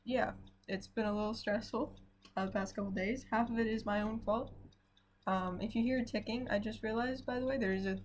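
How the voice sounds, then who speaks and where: A tired young woman vlogging casually at home, rambling and self-deprecating with dry sarcastic asides. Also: mid-range voice. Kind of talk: casual unedited vlog chat. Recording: faint background noise and clock ticking.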